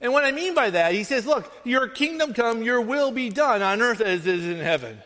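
A man preaching a sermon as pastor, earnest and conversational, often checking in with his listeners with a quick "right?". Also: very high voice, very animated, a bit bright, in a large hall.

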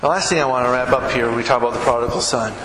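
A man's voice: medium pitch, steady tone, racing. A male pastor preaching a sermon, telling stories and acting out the quotes, in a church sanctuary. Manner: storytelling with acted-out quotes. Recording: echoey hall with ambient noise.

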